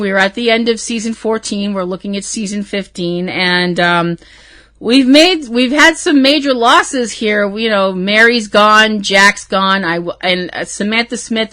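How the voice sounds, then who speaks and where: This woman hosts a fan podcast in a bright, fairly high voice. She talks in a dramatic, gossipy rush. She leaps from loud exclamations to near-hushed confessions. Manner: dramatic, swings between loud outbursts and hushed asides. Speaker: podcast host. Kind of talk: casual fan podcast monologue.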